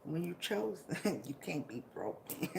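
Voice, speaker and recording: A woman's voice: low-pitched, very animated, slow, vocal fry, noisy background. A woman vlogger giving an emotional, motivational monologue, laughing often and swearing as she hypes up her listeners.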